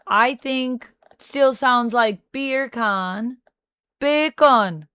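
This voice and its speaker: A woman's voice: fairly high pitch, very slow, pushed and bright, smooth, no echo. Chatty woman streamer in mock Jamaican-Irish accent. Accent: put-on Jamaican accent slipping into Irish. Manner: playful, chatty, reads out viewer messages. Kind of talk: casual livestream chat.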